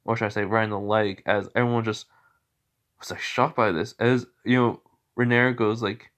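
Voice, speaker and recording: A man's voice: lowish voice, fairly even intonation, moderate pace, a bit bright. A man narrating an improvised fan story in a rambling way, full of fillers and self-corrections.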